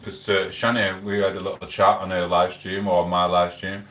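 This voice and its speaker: On a live stream, a man chats and rambles through stories, quoting back-and-forth conversations. His voice is low and fairly bright, with a level tone at normal speed. The room is echoey and he sits a bit far from the mic.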